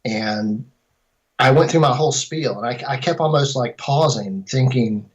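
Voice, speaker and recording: A man's voice: mid-range voice, measured pace, low-quality recording. Rambling middle-aged man telling his story. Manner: rambling, self-correcting storyteller. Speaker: filmmaker and composer. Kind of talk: casual interview answers.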